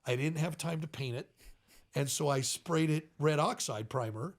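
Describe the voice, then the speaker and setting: A middle-aged man, a custom motorcycle builder, telling animated stories as a podcast guest and often laughing between them. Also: on the high side, normal speed. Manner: animated, tells stories with quoted voices and frequent laughs. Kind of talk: casual storytelling in a podcast interview.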